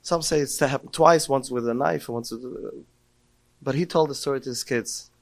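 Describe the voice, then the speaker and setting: A man's voice: mid-range voice, normal speed. Man giving an emotional Torah talk. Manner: emotional storytelling, rising to cries when quoting prayers. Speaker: podcast speaker.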